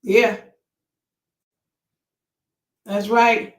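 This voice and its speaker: Speaking extremely slowly at a medium pitch with little pitch movement, a woman hosts a casual commentary channel in a reverberant, roughly recorded space. She reads viewer comments and reacts emphatically and preachily, exclaiming to the Lord.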